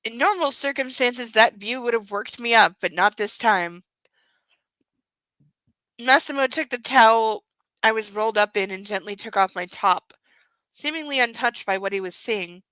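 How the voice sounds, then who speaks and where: Bright, wry woman reading aloud. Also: fairly high pitch, moderate pace, no room sound, poor audio. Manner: wry, exasperated asides. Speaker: host reading a book aloud.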